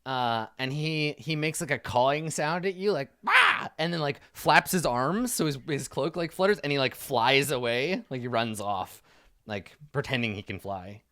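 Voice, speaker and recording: A man's voice: mid-range voice, normal speed, fairly bright tone, smooth, no echo, studio quality. A man narrating a tabletop game as game master in a casual, filler-heavy way.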